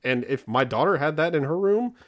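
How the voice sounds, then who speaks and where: A man's voice: on the high side, lively intonation, a little fast. A man in his forties co-hosting a podcast, telling stories about his kids in a rambling, stop-and-start way. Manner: rambling, self-interrupting storyteller. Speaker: podcast co-host. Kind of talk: casual chat.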